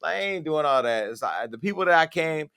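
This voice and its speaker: A man's voice: fairly high pitch, animated, a little fast, gravelly, fairly bright tone, clear, resonant tone. Blunt, opinionated male talk-show host. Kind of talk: casual talk-show chat.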